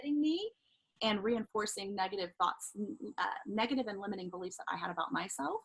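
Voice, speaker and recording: This middle-aged life coach from Southern California is a guest on an interview show, telling a personal story animatedly and casually, laughing often and performing what others said. She's a fast talker with a husky, medium-pitched voice, and the audio is poor.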